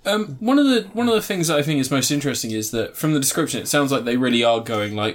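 A man's voice: medium pitch, animated, fast, hardly any pauses. A man co-hosting a casual chat, rambling with many fillers and restarts.

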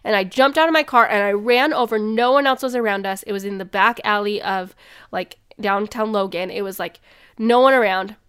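Woman talking about faith, earnest and chatty, lots of likes, clear smooth voice. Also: mid-range voice, a little fast, a bit bright. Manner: earnest and conversational, with many filler likes. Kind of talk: personal reflective storytelling.

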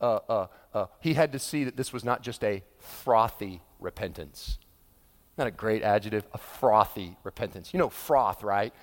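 A middle-aged male pastor preaching a sermon, animated and acting out quoted voices with humor. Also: on the low side, moderate pace. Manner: animated, acts out quoted voices, laughs with the audience. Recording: long hall reverb.

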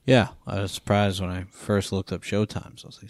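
Man in his thirties, podcast host, casual chat, lowish voice, dry close sound. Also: little pitch movement, brisk, no echo. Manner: laid-back, joking, trails off with fillers.

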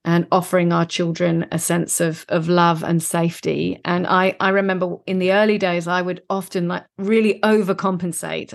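A woman hosts a podcast interview in a fairly low voice, thanking her guest and drawing her points together. She speaks in a measured, affirming way. The recording is dry and close, with no room sound. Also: little pitch movement, vocal fry, no echo. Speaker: podcast host.

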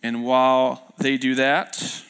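A man's voice: mid-range voice, little pitch movement, slow pace, fairly bright tone, clear, resonant tone. A young man preaching a sermon as pastor in a church, telling stories in a loose, self-deprecating way with fillers and restarts. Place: church sanctuary.

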